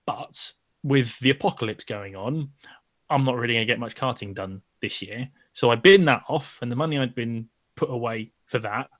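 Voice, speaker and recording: A man's voice: mid-range voice, normal speed, no room sound. Male co-host, rambling and self-deprecating, dry close mic. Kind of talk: casual podcast chat.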